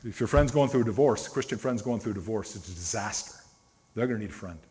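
Husky-voiced male pastor preaching in a hall. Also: on the low side, expressive, fast, a little mellow. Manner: conversational storytelling preaching, stresses single words, clears throat. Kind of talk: sermon. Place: church sanctuary. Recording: long reverb of a church hall.

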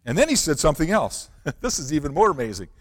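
A man's voice: a little high, sing-song, quick pace, in a large hall. A man preaching a sermon, reading scripture and asking the congregation earnest rhetorical questions. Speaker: pastor.

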